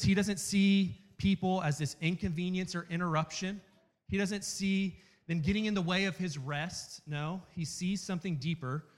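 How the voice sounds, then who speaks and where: Man, thirties, earnest sermon, high voice, long hall reverb, repeats phrases with pauses. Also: a bit bright. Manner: earnest, emphatic repetition with dramatic pauses. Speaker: campus minister preaching.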